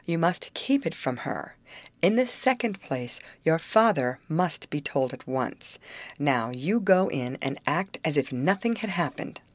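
A woman's voice: low voice, expressive, measured pace, dry recording. A woman reading the part of a bold young woman who takes charge, speaking firmly. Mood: commanding. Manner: firm and commanding.

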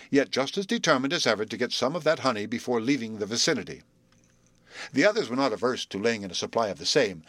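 A man narrating a storybook reading in an expressive, measured way. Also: medium pitch, dry recording.

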